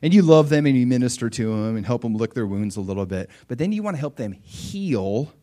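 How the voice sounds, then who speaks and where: A man's voice: medium pitch, a little fast. A man preaching a sermon in a conversational way, acting out bits of dialogue as he teaches. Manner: conversational, animated, acts out dialogue. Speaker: pastor.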